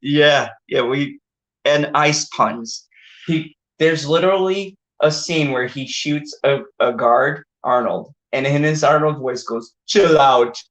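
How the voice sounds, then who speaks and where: A man's voice: a little high, slow pace, a bit bright, low-quality recording. A man hosting a casual movie review chat, rambling and laughing with plenty of filler words. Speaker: channel host.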